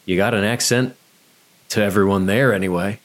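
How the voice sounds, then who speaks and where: A man's voice: on the low side, moderate pace. A man in casual podcast chat, joking crudely and steering the show to the break. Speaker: podcast co-host.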